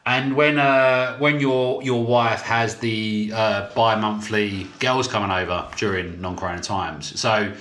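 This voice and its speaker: A man, co-hosting a podcast and telling stories with lots of swearing and quick restarts. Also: lowish voice, steady tone, fairly bright tone. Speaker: podcast co-host. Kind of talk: casual banter. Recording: echoey room, faint noise.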